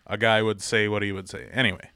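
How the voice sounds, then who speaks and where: A man co-hosting a casual podcast chat, crude and quick to laugh as he reads out would-you-rather questions. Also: lowish voice, flat delivery, pushed and bright, smooth, dry recording. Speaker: podcast co-host.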